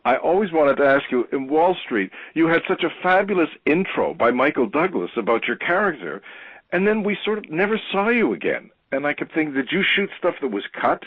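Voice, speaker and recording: A man's voice: a little high, sing-song, brisk, dry recording. A man hosting a podcast, asking eager questions and laughing along with his guest. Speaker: podcast host. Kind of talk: casual interview. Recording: tinny phone-like audio.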